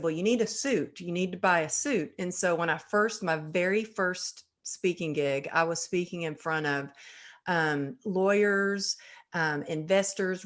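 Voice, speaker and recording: A woman hosting an interview show, telling her own stories in casual, animated chat. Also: fairly low pitch. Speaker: podcast host.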